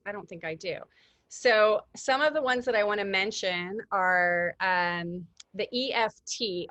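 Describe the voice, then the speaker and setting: A woman's voice: medium pitch, fairly bright tone, dry recording. Chatty woman hosting an online workshop. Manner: chatty, with many fillers and restarts; enthusiastic, addresses listeners as "you guys". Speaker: workshop host. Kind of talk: casual online workshop talk.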